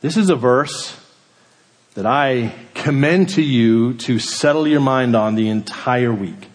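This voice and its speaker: A man preaching a sermon, building emphasis on key words and then dropping to a quiet hush. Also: medium pitch, slow, in a large hall. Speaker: pastor.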